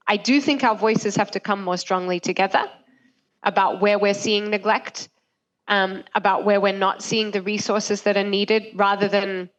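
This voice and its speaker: Earnest woman on a video call panel, measured and urgent, audio a bit muffled. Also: medium pitch. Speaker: panel speaker from humanitarian agency. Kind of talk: panel discussion remarks. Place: remote video link.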